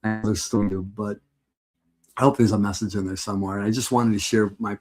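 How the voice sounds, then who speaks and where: A man's voice: fairly low pitch, fairly even intonation, fairly quick, a little mellow, faint music behind. A middle-aged man chatting casually on a live stream, rambling and heartfelt, often breaking into laughter.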